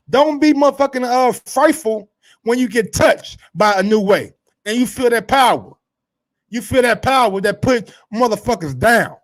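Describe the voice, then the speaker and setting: A man hosting a casual sports commentary show, brash and profane, swinging from low asides to loud heated rants. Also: lively intonation, moderate pace.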